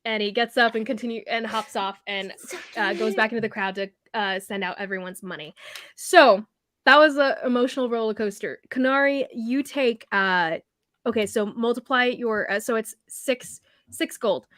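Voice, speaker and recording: A woman running a tabletop game, narrating in a rambling way full of fillers and quick corrections. Her voice is a little high. The sound is dry and close. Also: a bit bright, no room sound. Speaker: game master.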